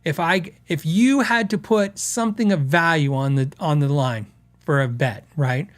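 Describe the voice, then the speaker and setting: Reading viewer comments on his podcast, a man talks conversationally, rambling with restarts and acted-out quotes. His voice is a little high and moves at a normal speed.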